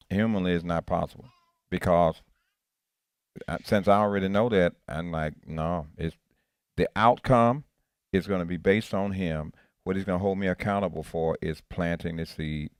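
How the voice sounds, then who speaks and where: A man's voice: low voice, smooth, no echo, studio quality. A male pastor giving an interactive sermon, earnest, often repeating and restarting his phrases. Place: church.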